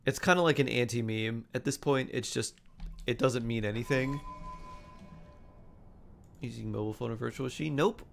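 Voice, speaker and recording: At a normal speed, a man with a gravelly, medium-pitched voice chats casually while streaming a game, leaving long pauses. He reads chat out loud in a laid-back way, humming and scatting between remarks, and faint music sits behind him.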